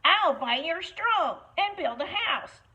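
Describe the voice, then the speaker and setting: Woman playing a cocky little storybook pig, perky and high, muffled lo-fi audio. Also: lively intonation, slow, full character voice. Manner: perky, higher and brighter than the narration. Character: cheeky little male pig, cocky and carefree. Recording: muffled lo-fi recording.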